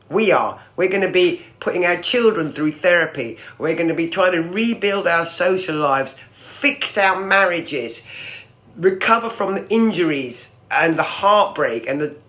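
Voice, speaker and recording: A woman with a British accent hosting a livestream, ranting with sarcasm and swearing through the morning's newspaper headlines in a loud, projecting voice. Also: lowish voice. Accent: British English. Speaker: livestream host.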